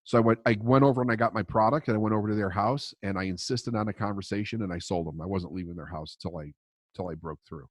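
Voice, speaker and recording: A man's voice: lowish voice, fast, dry recording. A man coaching on mindset in a podcast interview, telling a story in a blunt, emphatic way and swearing freely.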